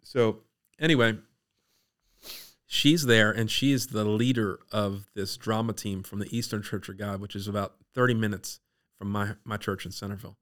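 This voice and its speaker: A podcast guest from the Eastern Shore of Maryland, this man relates his testimony as a personal story. He keeps a moderate pace, and his delivery is lively, carried by a smooth, resonant, low-pitched voice.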